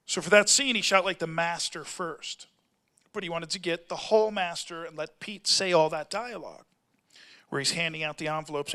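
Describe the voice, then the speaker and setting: Bright high-voiced man telling a story. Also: clear, resonant tone. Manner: rambling, self-interrupting storyteller who acts out quotes. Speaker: actor, panel guest. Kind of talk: convention panel anecdote. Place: convention hall panel.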